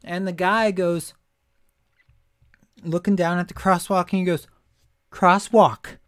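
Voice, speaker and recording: A man vlogging, telling a long rambling story in an animated, ranting way with frequent asides. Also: high voice, a little slow, clean tone, no room sound, clean studio sound. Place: lives in Missouri.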